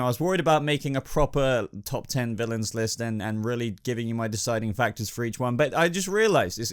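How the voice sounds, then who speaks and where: A young man with a hoarse voice, hosting a casual ranking video and thinking aloud in a hesitant, rambling way. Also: a little high. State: hoarse, losing his voice. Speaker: YouTube host.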